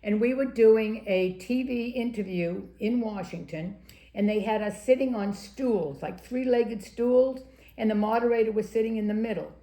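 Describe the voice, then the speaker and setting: An older woman from Maryland, a former political candidate being interviewed, telling anecdotes in a lively storytelling way and acting out the quotes. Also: medium pitch, moderate pace. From Maryland, USA. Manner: lively raconteur, acts out quotes, laughs often. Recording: echoey room.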